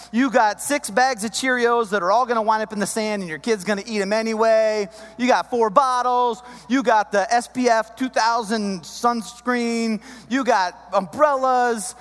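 Man, 30s, comic storyteller; high, bouncy voice, long hall reverb. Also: moderate pace. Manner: animated, chummy, addresses the guys. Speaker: comedic storyteller.

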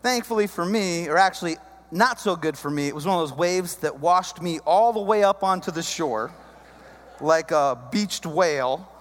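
Man, 30s, comic storyteller; high, bouncy voice, long hall reverb. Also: normal speed. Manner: animated, chummy, addresses the guys. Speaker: comedic storyteller.

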